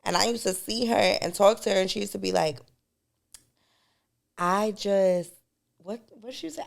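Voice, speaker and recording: A woman's voice: mid-range voice, moderate pace, creaky, long pauses. A woman co-hosting a podcast, telling stories in casual chat and breaking into laughter. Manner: storytelling, bursts into laughter. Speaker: podcast co-host.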